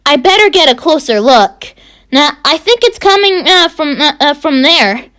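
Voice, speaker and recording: A woman voicing an eager young male Dalmatian pup in a fan-read story, halting and stumbling over his words. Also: sits high, lively intonation, fairly bright tone.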